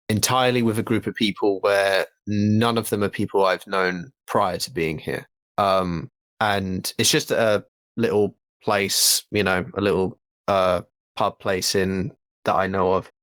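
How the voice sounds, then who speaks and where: A man's voice: fairly low pitch, a bit bright, no room sound. Give me a young man chatting casually on a podcast, rambling and restarting. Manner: rambling, many restarts and fillers. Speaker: podcast co-host.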